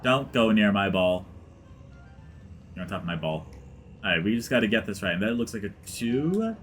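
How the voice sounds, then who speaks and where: A man's voice: lowish voice, big pitch swings, normal speed, fairly bright tone, soft background music. A man giving casual gameplay commentary as a let's play gamer, rambling with many fillers and dropping into mutters. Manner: rambling, heavy use of like, dips into mutters.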